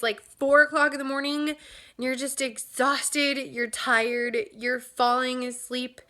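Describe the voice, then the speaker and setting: A young woman chatting casually as a vlogger about new motherhood, upbeat and relaxed with fillers and small laughs. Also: a little high. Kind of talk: casual chat. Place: home nursery.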